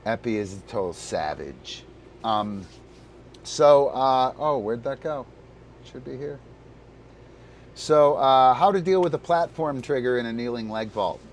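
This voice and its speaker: A man's voice: medium pitch, a little slow, pauses often, a little hiss or hum. A man hosting a live disc dog coaching stream. He explains moves with many fillers and breaks off to talk to his dog. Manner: rambling, full of fillers, talks to his dog between explanations.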